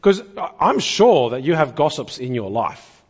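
A man's voice: mid-range voice, sing-song, normal speed, slightly rough. A man preaching a sermon in an earnest, conversational way, often asking the listeners rhetorical questions.

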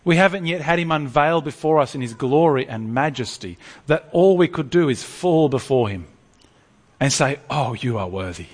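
A man preaching a sermon to a congregation, lively and animated, often stumbling over restarts. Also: mid-range voice, normal speed, big-room sound.

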